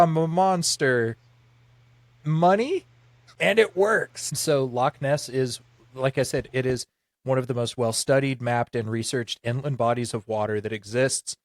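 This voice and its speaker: A man's voice: medium pitch, no room sound. A man co-hosting a podcast in casual chat, rambling through explanations with lots of filler words. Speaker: podcast co-host.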